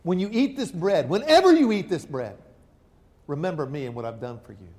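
A man voicing Jesus as a calm teacher foretelling betrayal, in plain conversational speech. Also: on the high side, a little fast, natural voice. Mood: solemn. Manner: earnest, conversational retelling. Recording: long hall reverb.

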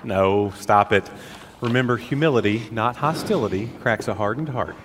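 A man's voice: medium pitch, moderate pace, long reverb tail, a little hiss or hum, natural voice. An actor playing an upbeat, encouraging churchgoing father in a church skit. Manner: encouraging, animated.

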